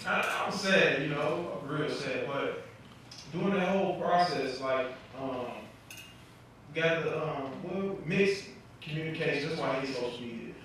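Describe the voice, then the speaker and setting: A man's voice: on the high side, normal speed, a bit bright. A man doing a stand-up set in a comedy club, telling loose stories and acting out his family members. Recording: echoey club from far off, noisy.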